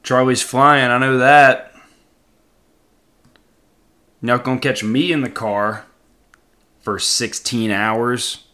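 A young man hosting a casual solo podcast, rambling and joking, with sudden loud outbursts. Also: mid-range voice, steady tone, takes it slowly, long pauses. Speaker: podcast host.

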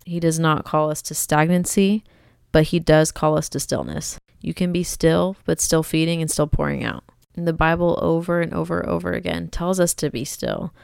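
A woman's voice: low voice, normal speed, creaky, a little mellow, clean tone, no room sound, studio quality. A young woman hosting a faith podcast, talking in an earnest, conversational, encouraging way. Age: young adult. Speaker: podcast host.

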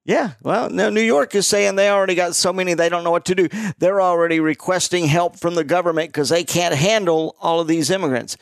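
A man's voice: sits high, brisk, gravelly, few pauses, clear, resonant tone, dry recording, clean studio sound. A man from Florida hosting a casual political chat, opinionated and emphatic, often repeating words. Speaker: podcast host.

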